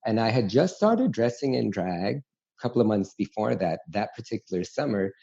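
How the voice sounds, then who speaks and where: A gravelly, husky man tells stories in a lively, chatty way. His voice sits low and mellow. The audio sounds dull and lo-fi, as if over a remote line. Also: moderate pace. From New York City. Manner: animated, chatty, frank storyteller. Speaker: guest. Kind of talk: candid storytelling interview.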